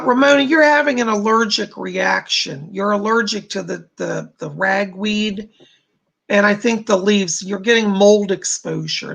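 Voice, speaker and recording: A man's voice: high-pitched, vocal fry, fairly bright tone, breathy edge. A man hosting a livestream, giving psychic readings to viewers, reassuring and chatty with many fillers. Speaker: psychic medium host.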